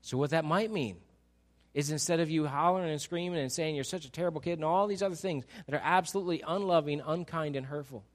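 An earnest male pastor delivers a sermon. His voice sits a little high, and he presses his listeners with repeated questions. He swells for emphasis, then falls quiet and gentle. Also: brisk. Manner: earnest, pleading rhetorical questions, rising to emphasis and dropping soft.

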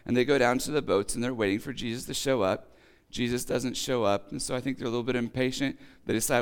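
A man giving a relaxed, chatty sermon, reading scripture and then explaining it with casual asides, his voice a little rough today. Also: medium pitch, quick pace. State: voice acting up, slightly rough. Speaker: preacher. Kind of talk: conversational sermon.

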